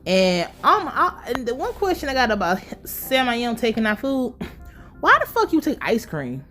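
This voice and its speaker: A woman casually recapping a TV episode, animated and profane, acting out the characters' lines in her own voice. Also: a little high, normal speed, soft background music. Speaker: podcast host recapping a TV episode.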